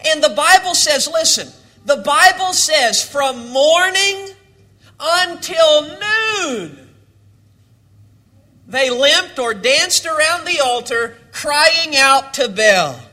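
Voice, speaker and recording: A man preaching a sermon, building to dramatic shouts and then dropping low. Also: expressive, takes it slowly.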